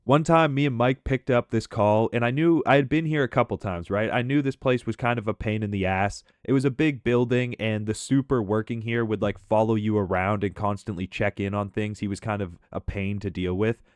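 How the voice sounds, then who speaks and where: A man casually telling funny stories about an old coworker as commentary over gameplay, talking in a lively, profane way. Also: fairly low pitch, a little fast, hardly any pauses, smooth, no room sound, studio quality. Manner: animated, profane, conversational. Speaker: gaming commentator and storyteller.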